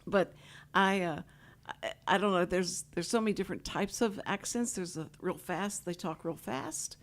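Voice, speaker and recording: A woman's voice: lowish voice, moderate pace. A woman from Houston hosting a talk show, rambling and laughing often as she chats with guests. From Houston, Texas. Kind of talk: casual chat. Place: radio studio.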